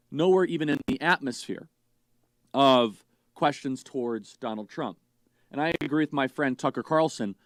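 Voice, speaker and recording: A man's voice: fairly high pitch, no room sound. Scornful male political commentator, dry sound. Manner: scornful, mocking.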